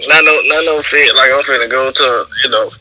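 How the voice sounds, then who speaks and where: Man, guest on podcast, laid-back slangy talk, sharp bright voice, tinny remote line. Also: medium pitch, fairly even intonation, fairly quick, soft background music. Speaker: guest calling in. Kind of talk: casual podcast chat. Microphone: remote call over poor wi-fi.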